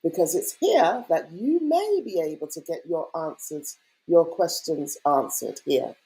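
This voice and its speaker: A woman's voice: low voice, very animated, unhurried, warm tone, poor audio. A woman hosting an online event over a video call, chatty and welcoming, greeting viewers with enthusiasm. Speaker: host.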